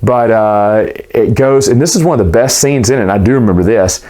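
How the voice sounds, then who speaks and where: A man's voice: lowish voice, fairly quick, mellow. A man casually retelling a novel's plot for a book review vlog, rambling and loose, with frequent restarts.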